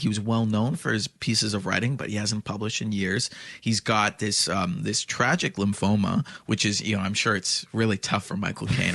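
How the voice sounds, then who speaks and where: A man's voice: on the low side, creaky, fairly bright tone, no room sound. A man co-hosting a podcast, talking casually about a film, blunt and sarcastic, with rambling restarts. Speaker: podcast co-host.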